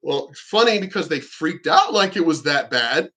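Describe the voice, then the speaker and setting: A man's voice: on the high side, expressive, moderate pace, pushed and bright. A man venting to his viewers in an emphatic, indignant rant, swearing often and repeating and restarting his sentences. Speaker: vlogger. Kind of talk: ranting monologue to camera.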